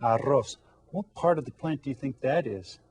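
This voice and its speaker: A man teaching an elementary Spanish lesson on video, quizzing young pupils and repeating Spanish words slowly for them to follow. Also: mid-range voice, a little mellow, slight background noise. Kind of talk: recorded classroom lesson for children.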